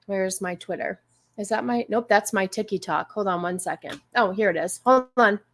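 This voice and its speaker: A woman's voice: medium pitch, normal speed. A woman hosting a casual livestream, chatty and rambling with many fillers. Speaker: livestream host.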